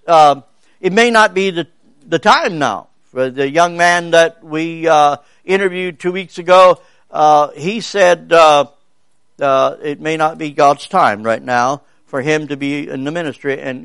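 A man preaching a sermon as a pastor in a folksy, rambling way, often halting and restarting his sentences. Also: fairly high pitch, a bit bright, smooth, no echo.

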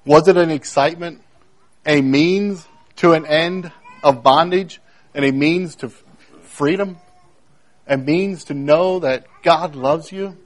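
A man preaching a sermon, emphatic, repeating key phrases and swinging between loud declarations and hushed moments. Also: on the high side, slow pace, pauses often. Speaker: pastor.

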